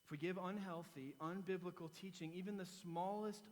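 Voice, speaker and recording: Man, pastor, sermon, animated self-deprecating stories, higher voice, long hall reverb. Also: brisk. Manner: animated storytelling with self-mocking humor. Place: church sanctuary.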